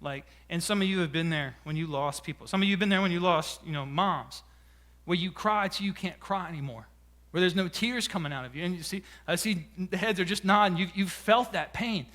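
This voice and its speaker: A man's voice: sits high, fairly quick, a bit bright. A man, a pastor preaching a sermon and telling a personal story with emotion and frequent restarts. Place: church sanctuary.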